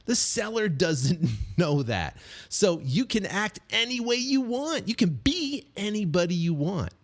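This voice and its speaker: A middle-aged man gives a casual motivational talk about dealing with sellers. His pitch climbs and falls a lot as he gets worked up. He restarts sentences, leans on fillers and now and then jumps into quick acted lines of other people. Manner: animated, repetitive, many fillers and restarts; acts out quick snippets of other voices. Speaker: real estate investing coach.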